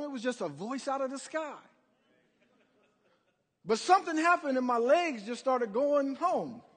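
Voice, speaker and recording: High-pitched, husky-voiced preacher man. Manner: animated, calls on the congregation. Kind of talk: sermon. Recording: long hall reverb.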